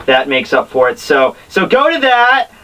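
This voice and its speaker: A young man rambling excitably as he reviews a manga chapter, full of restarts and asides. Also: fairly high pitch, normal speed, far from the mic, rough recording. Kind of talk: casual chapter review vlog.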